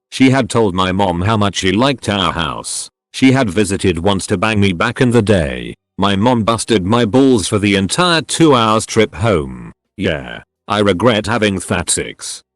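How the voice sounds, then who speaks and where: Low-voiced man reading stories. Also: dry recording, studio quality. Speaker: narrator. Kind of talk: scripted narration.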